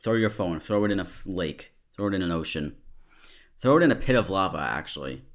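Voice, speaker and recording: A man hosting a commentary video, reading out screenshots and reacting with animated mockery. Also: low voice, brisk. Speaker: host.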